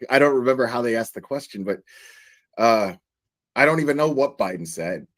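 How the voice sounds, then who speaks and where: A man's voice: medium pitch, moderate pace, no room sound. Incredulous swearing man ranting, dry sound. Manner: animated, incredulous, swears often, laughs while talking. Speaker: online commentator. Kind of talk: casual ranting commentary.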